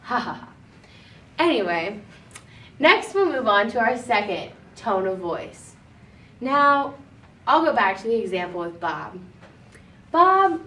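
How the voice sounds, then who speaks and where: A young woman giving a classroom presentation, demonstrating by swinging between upbeat and deliberately somber delivery. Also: fairly high pitch, a bit bright. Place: classroom with a blackboard. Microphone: far camera. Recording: echoey classroom from far off.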